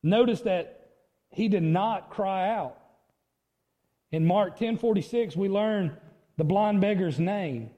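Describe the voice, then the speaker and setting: A male pastor preaching a sermon, with emphatic delivery and sudden high outcries as he acts out a plea. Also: slow pace, long pauses, dark tone, in a large hall, muffled recording.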